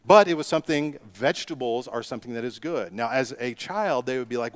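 A man's voice: mid-range voice, animated, brisk, few pauses. A middle-aged man delivering a sermon as a pastor, asking rhetorical questions and rising into emphatic bursts.

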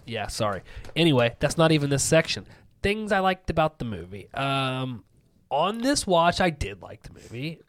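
A man's voice: on the high side, big pitch swings, normal speed, no echo. A man hosting a casual movie-review podcast, joking and crude, recorded close on a dry mic. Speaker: podcast host.

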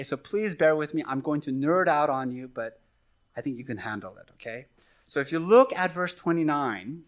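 A middle-aged man preaching from the pulpit with a slightly raised pitch. He teaches earnestly but conversationally, with friendly asides to his listeners. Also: a bit bright. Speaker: pastor. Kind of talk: sermon.

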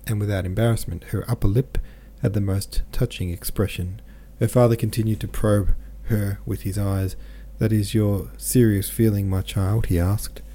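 Low, mellow male audiobook narrator. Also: slightly rough. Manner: measured, even storytelling. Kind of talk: scripted literary narration.

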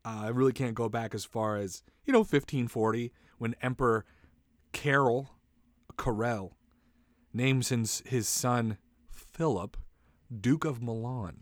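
On his own show, a man runs a loose comic monologue, laughing at his own jokes, mocking himself and admitting he is high. His mid-pitched voice is slow with frequent pauses, recorded dry without room echo.

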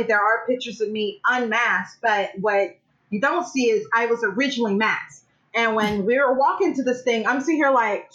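A woman guest on a podcast, telling casual anecdotes with laughter and swearing. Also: a little high. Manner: lively, laughing anecdotes, profane. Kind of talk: casual storytelling chat. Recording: dull lo-fi call audio.

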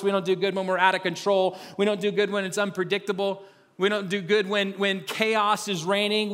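A man's voice: sits high, a bit bright. A middle-aged man preaching a sermon in a conversational, self-mocking storytelling way, often restarting his sentences. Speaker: pastor. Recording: long reverb of a large hall.

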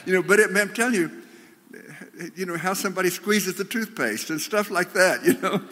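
Animated preacher, bright voice, echoey hall. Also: male voice, moderate pace. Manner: animated storytelling, drops to low earnest tone. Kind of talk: sermon.

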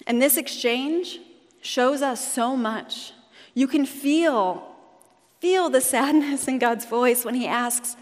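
A woman's voice: sits high, slow. A woman pastor preaching a sermon in a conversational, storytelling way, in a church sanctuary. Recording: long hall reverb.

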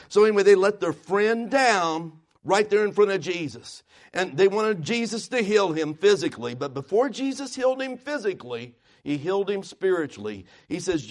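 High-voiced preacher with emphatic questions. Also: male voice, big pitch swings, normal speed. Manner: emphatic, asks the congregation questions. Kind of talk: sermon.

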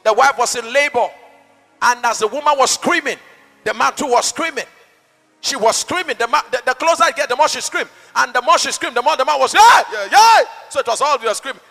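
A male pastor preaches with a high, sharp, forceful voice, rising into shouts and dropping to quiet asides. He is heard in a large church hall with a long reverb, and faint music plays underneath. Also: brisk, gravelly. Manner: dynamic, rhetorical, swings between shouting and soft asides. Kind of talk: sermon.

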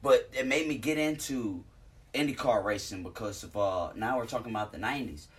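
A man's voice: medium pitch, fairly quick, a crowd in the background. A man in a casual chat, laid-back and profane, talking about racing. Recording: voice from far off the mic.

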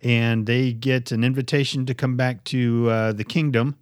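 A man's voice: mid-range voice, steady tone, normal speed, no room sound, studio quality. A man co-hosting a podcast in casual chat, blunt and joking, swearing often. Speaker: podcast co-host.

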